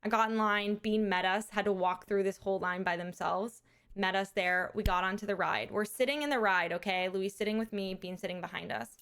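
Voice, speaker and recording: A woman streamer hosting a charity fundraiser, telling a story in casual chat, animated, laughing often and swearing casually. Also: medium pitch, fairly quick, smooth.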